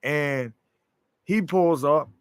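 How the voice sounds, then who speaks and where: A man's voice: on the high side, very slow, smooth, no room sound. A man delivering a rambling, profane monologue, often acting out quoted voices. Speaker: show host.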